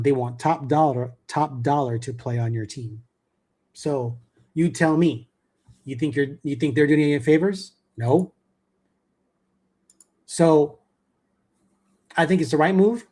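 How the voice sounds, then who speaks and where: A man's voice: a little high, darkish tone. Casual middle-aged sports talk man. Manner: conversational, repeats words, frequent fillers. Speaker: sports show host.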